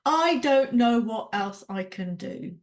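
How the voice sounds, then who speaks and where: A woman's voice: a little high, expressive, slow pace. A woman on a podcast, talking candidly and emotionally, swearing freely and laughing often. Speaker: podcast co-host, coaching client. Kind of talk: candid conversational podcast chat.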